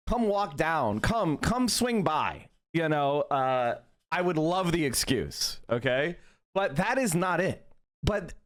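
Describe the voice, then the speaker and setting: Heated, swearing male streamer, lively pitch. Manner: heated, profane ranting. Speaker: streamer host. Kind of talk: live-stream commentary.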